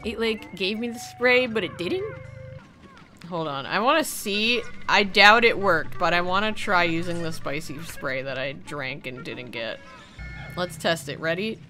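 A woman giving loud, profane commentary over gameplay, scolding and cheering the characters on screen and laughing often. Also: lowish voice, normal speed, faint music behind. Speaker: gaming video creator.

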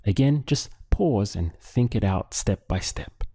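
A man teaching a Spanish lesson, slowly and patiently, with pauses for the listener to think. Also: fairly low pitch, expressive, warm tone, husky, dry recording. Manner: slow, patient, with drill pauses. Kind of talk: audio language lesson.

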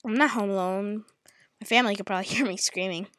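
A woman giving live commentary on her own gameplay at home, muttering to herself and then yelling at opponents in exasperation, with mild cursing. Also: quick pace. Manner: swings from low muttering to angry yelling at opponents. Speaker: gamer.

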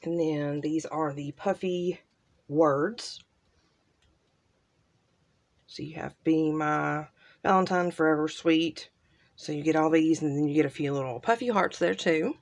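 A woman hosting a casual crafting unboxing, gushing softly and trailing off into quiet asides. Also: sits low, unhurried, long pauses. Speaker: crafting channel host. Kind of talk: casual unboxing show-and-tell.

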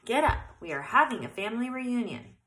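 Brief: upbeat mother mouse, voiced by a woman reading aloud, bright and lively. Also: a little high, a little fast, roomy sound, voice pushed up. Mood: happy. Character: cheerful mother mouse, carefree. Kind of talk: storybook read-aloud.

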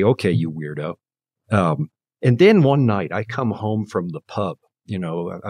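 Animated man telling his story, lively pitch. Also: no room sound. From Canada. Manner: animated storyteller, acts out quoted voices. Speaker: guest preacher. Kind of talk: personal testimony in conversation.

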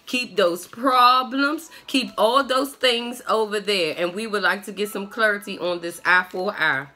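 Sassy woman tarot reader, bright edgy tone, unhurried delivery, blunt and profane. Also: mid-range voice. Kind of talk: tarot reading monologue.

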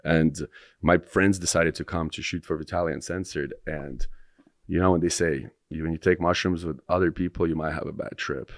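A man's voice: sits low, fairly even intonation, normal speed, no room sound, studio quality. A young man, a podcast guest, telling a long story in a rambling way, restarting his sentences and swearing freely. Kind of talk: casual storytelling in conversation.

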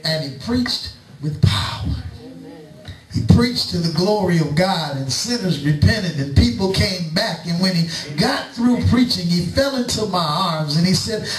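A middle-aged man preaching in a church, telling a story slowly and acting out both sides of a conversation. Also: high voice, expressive, far from the mic, crowd noise. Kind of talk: sermon storytelling. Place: church sanctuary. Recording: echoey church, preacher away from the mic.

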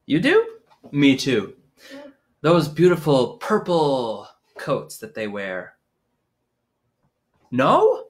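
A man's voice: medium pitch, wildly swooping pitch, drawn-out words, long pauses. A man hosting a playful live-streamed sing-along for small children, chatting and singing. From Maine. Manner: playful, sings and chats with young viewers. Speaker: children's music performer. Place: indoors at a home in rural New England. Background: his own acoustic guitar.

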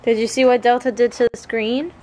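A woman's voice: a little high, flat delivery, a little fast. A woman filming a casual home vlog, cooing in baby talk to her little daughter and her dogs. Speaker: vlogger and mother. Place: family home, porch then indoors. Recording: noisy home video.

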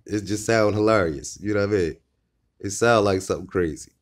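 A man's voice: fairly low pitch, brisk. A man in a laid-back, joking vlog chat with his viewers about his dogs, often checking in with "you know what I mean". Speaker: dog owner and vlogger.

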